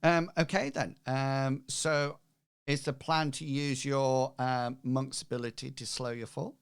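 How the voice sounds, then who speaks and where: A man running a tabletop game as game master, talking hesitantly with many pauses and fillers. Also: mid-range voice, level tone, smooth.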